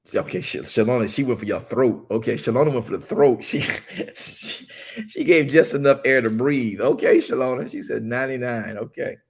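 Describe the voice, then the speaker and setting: A man preaching a sermon, chatting and joking with his congregation in colloquial speech, then reading scripture slowly and emphatically. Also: medium pitch, husky. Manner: playful, teasing banter with the congregation; reads scripture slowly and emphatically, repeating lines.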